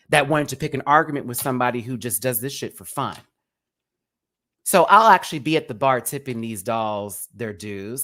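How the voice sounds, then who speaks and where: A man's voice: medium pitch, fairly bright tone. A man hosting a live review show who rants at a critic in a sassy, cutting way, throwing out pet names like sweetie and baby. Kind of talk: live confrontational rant to a critic.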